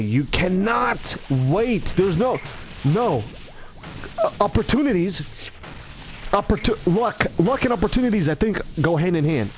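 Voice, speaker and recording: This is a man talking in a loose, rambling monologue, his voice sitting high. He stumbles, restarts and corrects himself constantly, and his pitch leaps around with lively energy. Faint background noise runs beneath him. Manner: restless, self-correcting, stumbling over words; acts out greetings in shifting tones.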